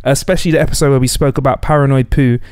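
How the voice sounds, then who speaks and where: A man's voice: mid-range voice, fairly even intonation, rapid-fire, darkish tone, clean tone, no room sound. A man hosting a podcast in an easygoing way, laughing often and reading out listener messages. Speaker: podcast host. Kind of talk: casual podcast chat.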